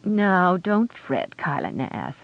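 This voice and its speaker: A man voicing a flustered, fretful woman dragonrider who pleads in a quavering, high voice. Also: expressive, normal speed. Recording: dull lo-fi audio.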